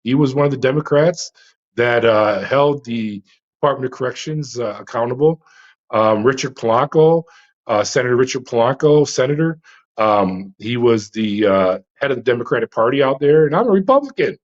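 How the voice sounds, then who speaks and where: A middle-aged man recounts his past as a prison officer, animated and dramatic. He stumbles over fillers and restarts but keeps driving the story. The sound is a little dull and lo-fi. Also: mid-range voice, moderate pace. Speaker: interview guest, former prison officer.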